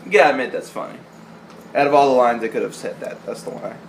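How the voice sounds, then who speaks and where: A young vlogger with a mid-range voice and lively intonation talks fast as he counts down his favorite movie lines, joking, swearing and quoting them in goofy voices. It's a casual movie-list vlog with a little hiss or hum.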